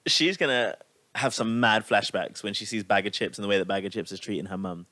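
A man in casual chat, animated and teasing, swearing freely as he reacts to his friend. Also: lowish voice, a little fast, dry recording.

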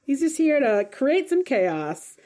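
A woman co-hosting a podcast in casual chat, animated and playful, laughing easily. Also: sits high, slow pace. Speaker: podcast co-host.

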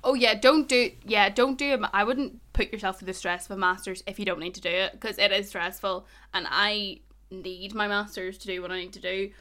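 A woman's voice: mid-range voice, steady tone, fairly quick, bright, forceful tone. A woman in her twenties with a Northern Irish Ballymena accent, co-hosting a casual podcast chat, chatty and jokey. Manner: chatty, laughs often, jokey. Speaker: podcast co-host.

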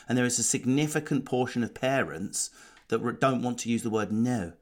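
Animated man hosting a chat. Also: normal speed. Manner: animated, acts out quotes with big pitch jumps. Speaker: podcast host. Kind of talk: casual chat.

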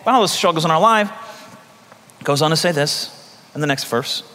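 A man's voice: a little high, expressive, normal speed, bright, forceful tone, big-room sound. A man preaching a sermon as pastor, talking in a conversational way with repeated phrases and acted-out voices.

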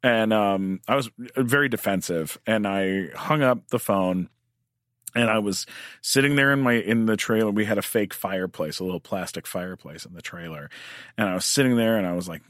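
A man's voice: on the low side, moderate pace, a bit bright, no room sound, studio quality. A man, a working actor, telling a long personal anecdote in casual chat, rambling with lots of restarts.

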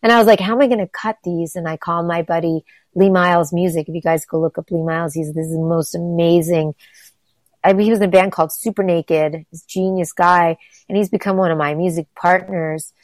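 A woman's voice: lowish voice, fairly even intonation, fairly quick, dry recording. A woman from Los Angeles chatting as an interview guest, enthusiastic and rambling, with lots of "like" and restarts. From Los Angeles, USA. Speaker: guest, actress and singer. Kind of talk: casual interview chat.

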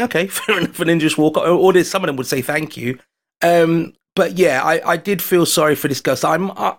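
English man telling a story, fairly high voice. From London, England. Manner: animated anecdote telling, acting out his own quoted lines. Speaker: podcast guest. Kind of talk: casual storytelling chat.

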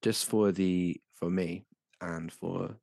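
A man running a tabletop game as game master, narrating scenes in a measured, descriptive way. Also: low voice, fairly even intonation, gravelly, a little mellow, no room sound, clean studio sound.

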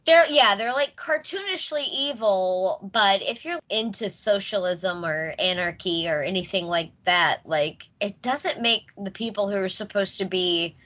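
A woman's voice: medium pitch, a little slow, hardly any pauses, sharp tone. An American woman hosting a podcast, chatting casually about a movie and laughing often. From United States. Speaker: podcast host. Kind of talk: casual chat reviewing a movie.

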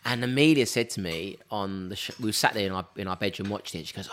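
A man chatting casually as a guest, telling stories in an animated way and laughing often. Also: lowish voice, fairly quick, few pauses. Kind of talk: casual chat.

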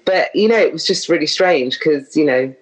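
A woman's voice: low-pitched, lively intonation, normal speed, low-quality recording. A middle-aged woman from London with an English accent, talking casually as a guest and drifting off on tangents. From London, England. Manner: chatty, drifts off on tangents, laughs often. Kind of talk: casual chat.

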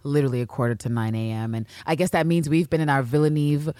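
A young woman co-hosting a podcast, recapping a show with loud, profane, animated chat and acting out scenes in voices. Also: low voice, fast talker, dry recording, clean studio sound. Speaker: podcast co-host. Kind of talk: excited casual recap chat.

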